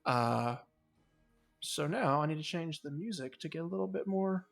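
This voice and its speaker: A man's voice: fairly high pitch, lively intonation, normal speed, creaky, fairly bright tone, faint music behind. A man running a tabletop game as dungeon master, describing scenes with lots of fillers and restarts.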